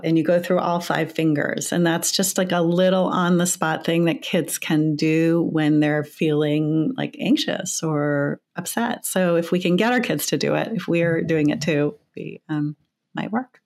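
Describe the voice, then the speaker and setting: A woman with a low voice who teaches mindfulness leads a short guided meditation. She speaks slowly and soothingly, with gentle pauses between her prompts. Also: steady tone, vocal fry. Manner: slow, soothing guiding voice.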